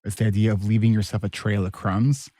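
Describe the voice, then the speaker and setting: A man's voice: on the low side, level tone, fairly quick, dark tone, dry recording. A man hosting an interview podcast and working as a coach, talking casually with some hesitation as he explains ideas.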